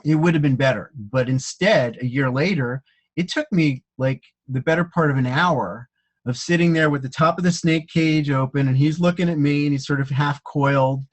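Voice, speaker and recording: A man hosting a casual chat, his voice sitting a bit high for a man. He talks reflectively and haltingly, often restarting his sentences. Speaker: host.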